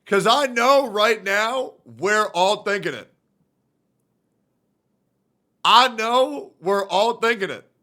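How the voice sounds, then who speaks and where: A man streaming live, reacting loudly and swearing as he talks to his chat and works things out aloud. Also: very high-pitched. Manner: loud, profane, thinks out loud and talks to chat. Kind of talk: casual livestream reaction.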